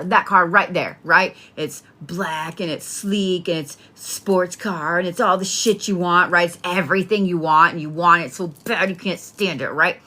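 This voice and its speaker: A woman's voice: fairly low pitch, pushed and bright. A woman giving a casual spoken horoscope reading, talking bluntly and playfully with plenty of swearing. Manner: blunt, profane, chatty, playful. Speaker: tarot and astrology reader.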